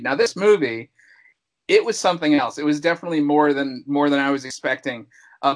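A man's voice: mid-range voice, low-quality recording. A man hosting a casual horror-movie podcast, talking in a playful, showman-like way that rambles and restarts. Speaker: podcast host. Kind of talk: casual podcast chat about a horror film.

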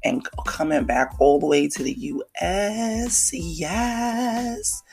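A podcast host from New with a croaky, frog-like voice, talking in a hyped, slangy casual monologue full of shout-outs. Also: medium pitch, expressive, unhurried, soft background music. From New York City.

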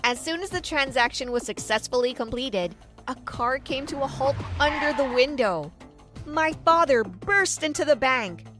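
A woman's voice: high-pitched, lively intonation, normal speed, a bit bright, faint music behind. A woman narrating a first-person story in an earnest, dramatic storytelling manner.

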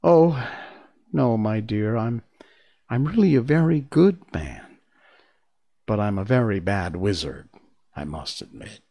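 A man's voice: on the low side, animated, unhurried, pauses often, mellow. A man voicing a humbug wizard who is meek and apologetic, talking in a pleading, self-deprecating way.

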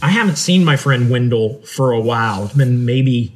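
A man's voice: medium pitch, expressive, normal speed. A man in his fifties from Ohio, co-hosting a podcast and teasing with dry humor. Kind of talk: casual podcast banter.

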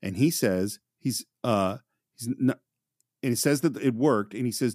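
A man co-hosting a film podcast, telling behind-the-scenes stories in a casual, animated way and acting out quotes. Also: medium pitch, a little slow, dry recording, clean studio sound. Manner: animated storyteller, acts out quotes. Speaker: podcast co-host.

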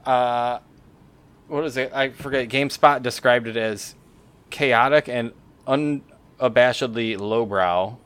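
A man's voice: medium pitch, fairly even intonation, measured pace, a bit bright, clear, resonant tone. A man co-hosting a podcast, chatting casually about a game he found and rambling a little with fillers and self-corrections. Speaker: podcast co-host. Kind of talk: casual chat.

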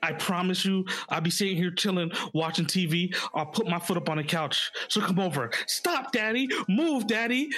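A man's voice: high-pitched, steady tone, brisk, hardly any pauses, bright, forceful tone, faint music behind. A young man, father of a toddler, chatting casually in a playful, rambling, self-mocking way. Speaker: podcast co-host, father of a toddler. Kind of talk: casual chat.

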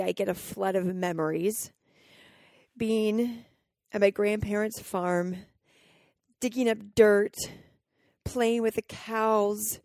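A woman from Colorado hosts her own podcast and tells a personal story. She sounds candid and emotional, with many fillers and restarts. Her voice sits at a middling pitch, and the recording is dry with no room echo. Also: darkish tone. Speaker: podcast host.

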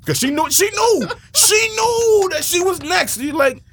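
A man telling a wild childhood story in a slangy, excitable way, shouting at the big moments. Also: very high-pitched, a little slow. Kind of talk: animated casual storytelling.

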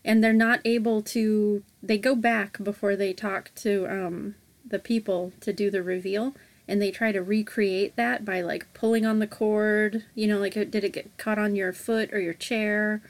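Woman, podcast co-host, casual chat, playful, rambling, mid pitch. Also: steady tone, unhurried. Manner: chatty, many fillers, playful.

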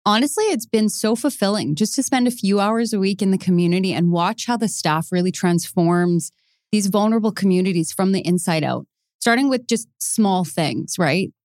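A woman's voice: medium pitch, normal speed, darkish tone, no echo, clean studio sound. A woman speaking as a guest volunteer in a casual interview, sincere and reflective.

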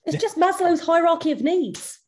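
A woman's voice: very high voice, normal speed, a little mellow. A woman guesting on a podcast, chatting casually with blunt jokes. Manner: blunt and joking. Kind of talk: casual chat.

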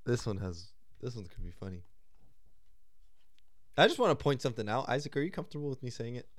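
Young male podcast host, animated and playful, close dry mic. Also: mid-range voice, fast, dry recording. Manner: joking, reads cards aloud, laughs often. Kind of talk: casual chat over a card game.

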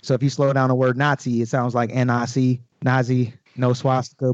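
A man's voice: mid-range voice, flat delivery, brisk, no room sound, highs cut off. A man, a guest rapper on a podcast, breaking down his lyrics in loose, slangy casual chat full of swearing.

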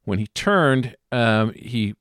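A man playing in a tabletop horror game, thinking aloud about his character with many pauses and ums. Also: medium pitch, expressive, a bit bright, no room sound, clean studio sound. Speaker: player.

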